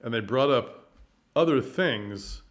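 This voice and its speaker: Speaking at a slow pace in a medium-pitched voice, a man comments casually on theater, lively and packed with rhetorical questions, stumbling over his words now and then.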